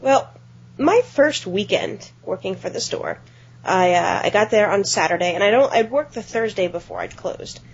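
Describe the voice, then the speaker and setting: Husky-voiced woman telling a story. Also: medium pitch, moderate pace. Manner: animated anecdote-teller, swears casually. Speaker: podcast co-host. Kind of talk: casual storytelling chat. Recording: dull lo-fi podcast audio.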